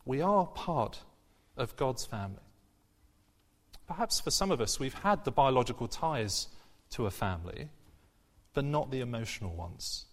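A man's voice: medium pitch, animated, moderate pace, pauses often. A man preaching a sermon in an earnest, conversational way, with frequent fillers and restarts. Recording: long hall reverb.

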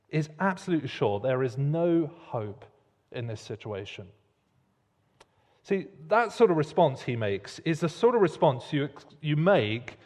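A man preaching a sermon in a church hall, expressive and pausing for emphasis. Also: on the high side. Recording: long reverb of a large hall.

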